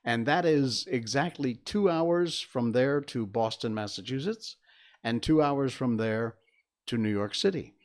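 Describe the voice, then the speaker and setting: A man's voice: mid-range voice, a little slow, a little mellow. Rambling older man on a livestream. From Connecticut, USA. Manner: rambling, chatty, lots of fillers and restarts. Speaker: livestream host. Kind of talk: casual solo livestream talk. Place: home studio.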